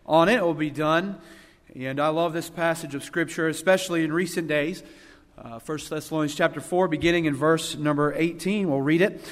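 A man preaching a folksy sermon who reads scripture slowly and with emphasis. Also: a little high, in a large hall. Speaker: guest preacher. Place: church hall.

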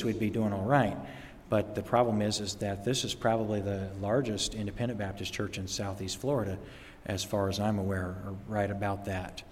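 A middle-aged man, a visiting pastor, talking casually from the pulpit, halting and full of fillers. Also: fairly low pitch, darkish tone, a little hiss or hum. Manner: chatty, halting, many fillers. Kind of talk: informal talk from the pulpit. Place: church sanctuary. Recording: long reverb in a church hall.

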